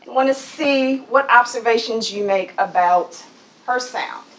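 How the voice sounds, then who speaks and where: A woman's voice: a little high, unhurried, a bit bright, low-quality recording. A woman leading a corporate training session on voice, speaking to a group, asking questions and laughing now and then. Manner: coaching, asks the group questions, laughs often. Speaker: voice and presence trainer. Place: office training room.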